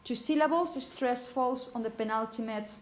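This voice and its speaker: A woman teaching phonetics to a class, repeating example words slowly and checking understanding with frequent "okay?". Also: a little high, a little hiss or hum. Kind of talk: classroom lecture.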